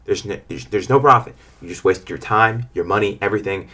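A man's voice: lowish voice, fairly quick, sharp tone. A young man who runs a lawn care business tells stories about clients and gives frank advice in a rambling way. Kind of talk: casual advice monologue.

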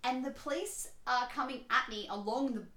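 A young woman in her twenties, telling a story in a casual chat, animated and rambling with lots of "like". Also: high-pitched, moderate pace. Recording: roomy echoey room.

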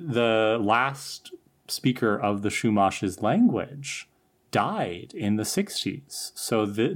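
A man co-hosting a podcast, talking in a thoughtful, earnest casual way with some halting restarts. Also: on the low side. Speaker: podcast co-host. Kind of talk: casual chat discussion.

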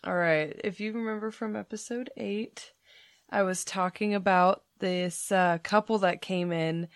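A young woman co-hosting a podcast, casually telling a story, swearing freely and acting out what people said with big jumps in pitch. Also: fairly even intonation, a little slow, no room sound, clean studio sound. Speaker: podcast co-host.

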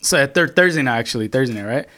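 A man's voice: medium pitch, expressive, rapid-fire, sharp tone. A young man telling a long story to his friends in casual chat, rambling and swearing, with lots of filler words.

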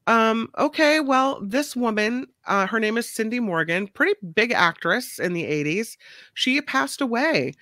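A woman's voice: on the high side, lively intonation, unhurried, bright, forceful tone, dry recording, studio quality. A woman co-hosting a radio show, chatting casually about celebrity news with plenty of fillers. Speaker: co-host.

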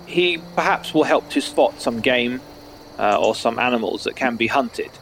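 A man playing a gruff shapeshifting hunter who speaks in short, formal sentences. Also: mid-range voice, lively intonation, normal speed, fairly bright tone, a little hiss or hum. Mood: matter-of-fact. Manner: clipped, formal phrasing.

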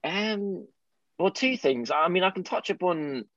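A man co-hosting a gaming podcast, jokey and quick to laugh. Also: high-pitched, no echo. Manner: laughs often, lively and jokey. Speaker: podcast co-host. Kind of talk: casual gaming podcast chat. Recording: dull, slightly lo-fi sound.

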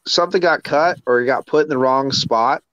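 A man discussing a film casually, halting and repeating words as he thinks. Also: medium pitch, fairly bright tone, no room sound, muffled recording.

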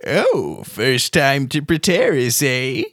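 A man's voice: mid-range voice, big pitch swings, slow, a bit bright, no echo, voice pushed up, heavily acted. A man voicing a tiny, cheerful, cryptic old male gnome wizard in a tabletop game, with a quavering, sing-song, teasing manner.

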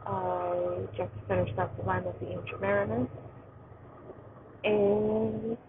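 A tired, allergy-stricken woman hosting a poetry podcast live, chatting in a rambling, excited way while sitting outdoors. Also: mid-range voice, slow pace. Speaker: podcast host reading poetry. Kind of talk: casual live-stream chat. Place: outdoors, train in the distance. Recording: tinny phone-like sound, faint outdoor noise.

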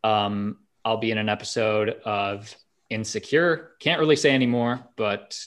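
A man's voice: on the low side, fairly even intonation, normal speed. A man, an actor, co-hosting a casual podcast and steering the talk. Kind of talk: casual chat.

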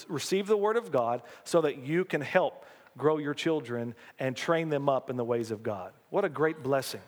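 Pastor preaching folksy in a hall. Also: male voice, a little high. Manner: folksy, animated preaching with call-and-response. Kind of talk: sermon. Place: church sanctuary.

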